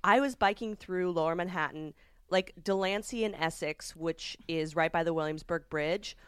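A woman co-hosting a comedy podcast from home, telling animated stories with swearing and laughter. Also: lowish voice, moderate pace, clean tone, no echo, studio quality. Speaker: podcast co-host. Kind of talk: casual comedic chat. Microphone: remote podcast mic.

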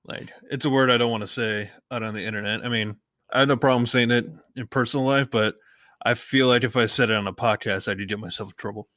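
A man's voice: mid-range voice, steady tone, fast talker, pushed and bright, no room sound. A man hosting a casual podcast, rambling through a movie recap, often correcting himself and playfully acting out characters' lines. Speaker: podcast host.

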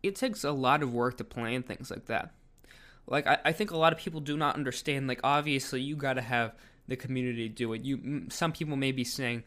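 A man's voice: medium pitch, brisk, a bit bright. A man giving casual video commentary, rambling with lots of fillers. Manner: rambling, filler-heavy delivery.

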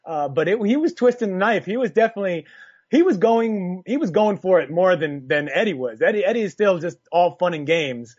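A man's voice: high-pitched, expressive, brisk, a little mellow, no echo, highs cut off. A man co-hosting a boxing podcast, talking in a laid-back, rambling way. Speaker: podcast co-host. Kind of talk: casual chat.

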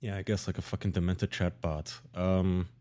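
A man's voice: deep voice, little pitch movement, moderate pace, dark tone. A man co-hosting a podcast, talking in a crude, mocking way and laughing often. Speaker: podcast co-host. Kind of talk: casual comedic chat.

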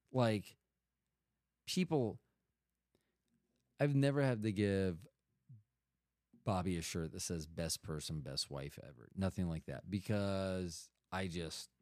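A man's voice: low-pitched, dark tone, no echo, studio quality. A middle-aged man telling a rambling, profane story in casual talk, often cutting himself off. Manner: rambling, profane, self-interrupting.

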